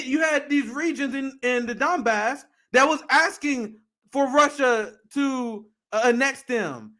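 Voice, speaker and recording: A man's voice: very high voice, bright, forceful tone. A man co-hosting a video reaction show, ranting heatedly with profanity. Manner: heated, profane, fast-talking rants. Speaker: commentary co-host.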